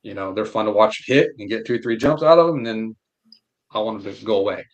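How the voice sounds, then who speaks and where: Low-voiced blunt man talking fishing. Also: fairly quick, dull audio. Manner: blunt, animated storyteller with frank opinions. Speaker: podcast guest. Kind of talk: casual fishing chat.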